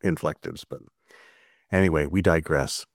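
A man's voice: rumbling low, fairly even intonation, moderate pace, creaky, dry recording, clean studio sound. A man hosting a casual podcast, rambling and laughing between topics. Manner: rambling, laughing, self-mocking. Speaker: podcast host. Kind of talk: casual chat.

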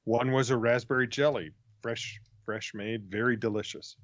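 A man's voice: mid-range voice, fairly even intonation, normal speed, dry recording. A man in casual conversation who chimes in with dry jokes. His voice sits in a middle range, and the recording is dry and slightly dull. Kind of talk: casual chat.

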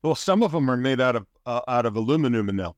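A man with a mid-range voice trades dry, teasing jabs with his co-host in easy podcast banter. He draws his stories out with a deadpan edge. The sound is close and dry, with no room around it. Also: mid-range voice, quick pace, dry recording. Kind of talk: casual comedic banter.

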